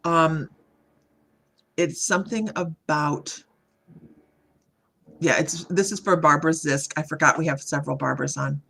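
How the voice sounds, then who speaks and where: A woman doing a live psychic reading, speaking in a halting, meandering way and greeting viewers by name as she reads their comments. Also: low voice, steady tone, gravelly, pushed and bright, a little hiss or hum. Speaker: psychic medium.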